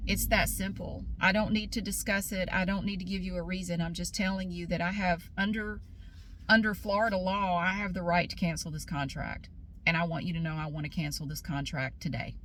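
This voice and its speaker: A woman's voice: on the low side, fairly even intonation, brisk, a bit bright. A woman telling a story in a casual vlog, speaking bluntly and with indignation. She drives her points home by repeating them. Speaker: vlogger.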